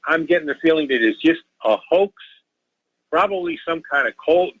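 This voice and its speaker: A man's voice: a little high, expressive, moderate pace, a bit bright, husky, no echo. A man calling in to a radio show, ranting and pleading with emotion and repeating himself. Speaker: caller. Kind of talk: impassioned call-in rant. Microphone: telephone. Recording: muffled phone line.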